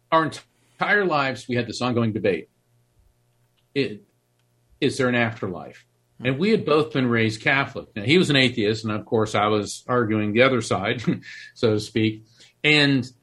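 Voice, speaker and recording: A middle-aged man from Florida, an author and medium, telling a personal story in an interview with earnest, animated restarts. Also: medium pitch. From Florida, USA.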